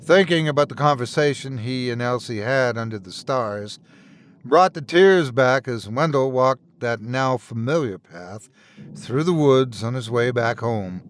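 A man reading a horror story aloud in a measured, somber storytelling manner. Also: mid-range voice, animated. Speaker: storyteller, podcast host. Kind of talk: scripted horror narration.

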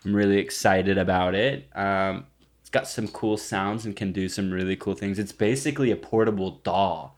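A man's voice: low-pitched, moderate pace. A young man hosting a casual podcast chat, crude and teasing as he jokes around with his co-hosts. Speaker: podcast host.

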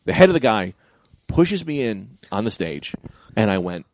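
A man's voice: mid-range voice, animated, fast, dry recording. A young man telling a story in a casual chat, acting out voices and swearing casually. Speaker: comedian telling a story on a podcast.

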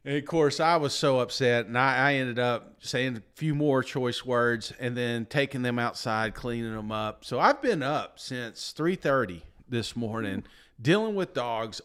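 A man's voice: mid-range voice, lively intonation, moderate pace, fairly bright tone, clear, resonant tone. A man, tired after a sleepless night, co-hosting a podcast and telling a long, rambling, self-deprecating story in casual chat. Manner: rambling, self-deprecating, peppered with "you know what I'm saying". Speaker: podcast co-host.

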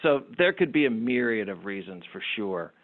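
A man who runs a business, telling lively anecdotes as a guest in an interview. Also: lowish voice, normal speed. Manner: animated anecdotal storyteller. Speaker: entrepreneur guest. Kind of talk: storytelling interview talk. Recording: tinny phone-like line.

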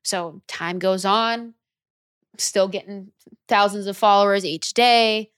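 Brief young woman, singer guest, slangy animated storyteller, dry close mic. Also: medium pitch, slow, clean tone, no echo. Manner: animated, slangy, acts out her own past reactions. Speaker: recording artist guest. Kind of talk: casual interview storytelling.

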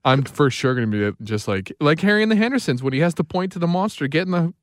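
A man's voice: on the high side, fast, no echo, studio quality. A man co-hosting a radio podcast, telling a funny family story with laughs and acted-out lines. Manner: animated storyteller, joking, laughing. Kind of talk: casual storytelling chat.

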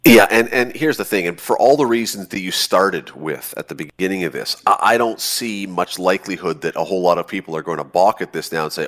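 A man hosts a morning radio interview in a fairly low voice. He talks in an emphatic, chatty way and often repeats words as he gets going. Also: quick pace, fairly bright tone. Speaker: radio morning show host.

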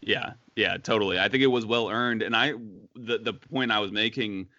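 A man's voice: lowish voice, normal speed, bright, forceful tone, dry recording, muffled recording. A man co-hosting a casual sports podcast, chatty, with many fillers and restarts. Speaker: podcast co-host.

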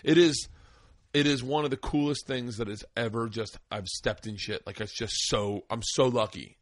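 A man's voice: mid-range voice, normal speed, no echo, studio quality. A man, a podcast host and stand-up comedian, chatting casually in a home man cave and telling rambling, profane road stories. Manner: rambling storyteller, profane, animated impressions. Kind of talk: casual chat.

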